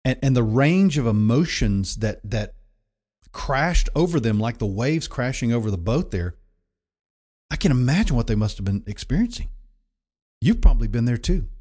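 Man, pastor, sermon, casual and emphatic, mid-pitched voice. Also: big pitch swings, normal speed, a little mellow, husky. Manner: conversational, emphatic preaching with repetitions.

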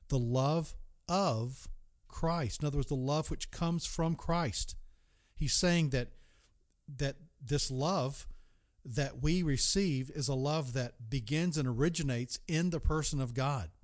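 Preaching a Bible sermon at medium pitch, a man keeps an earnest tone throughout. He slows down to stretch key words and asks the listener direct questions.

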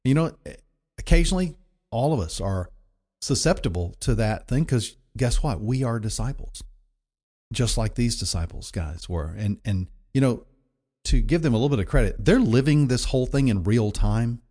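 A man's voice: mid-range voice, animated, moderate pace, warm tone. A man preaching a sermon in a conversational, emphatic way, often repeating himself for effect. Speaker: pastor.

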